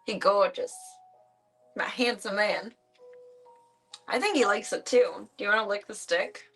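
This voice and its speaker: A woman's voice: mid-range voice, unhurried, a bit bright, breathy edge, faint music behind. Doting woman streamer, playful baby talk. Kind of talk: casual chat to her pet. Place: at home, outside her stream room.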